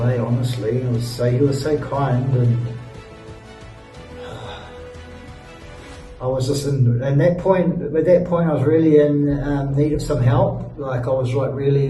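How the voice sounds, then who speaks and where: A young man, tired after a long ride, telling a rambling travel story with lots of fillers and sighs in a hotel room. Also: medium pitch. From New Zealand. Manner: laid-back, rambling, many fillers and sighs. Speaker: travel vlogger. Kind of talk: casual storytelling to camera. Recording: roomy, distant mic, faint music.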